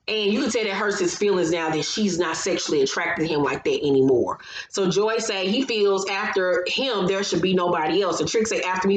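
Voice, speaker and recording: A woman's voice: medium pitch, a little hiss or hum. Chatty woman recapping reality TV, echoey room. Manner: chatty and opinionated, retells scenes with asides. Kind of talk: casual episode recap commentary.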